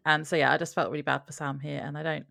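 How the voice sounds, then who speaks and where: A woman co-hosting a podcast in casual chat, thoughtful and quick to laugh. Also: low voice, flat delivery, gravelly, pushed and bright, no room sound, clean studio sound. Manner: chatty and reflective, laughs often. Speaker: podcast co-host.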